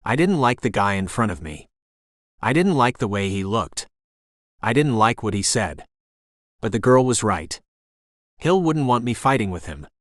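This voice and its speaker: Dude narrating a romance audiobook, first person, intense, lowish voice, dry studio mic. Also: male voice, very animated, normal speed, long pauses, fairly bright tone, no echo. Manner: intense, dramatic storytelling.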